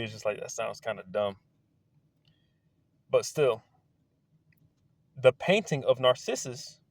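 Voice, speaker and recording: A man's voice: medium pitch, dry recording. Rambling man talking outdoors, dry sound. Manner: excitable, wandering, swears casually. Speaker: video creator. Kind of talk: casual rambling monologue. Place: outdoors among trees.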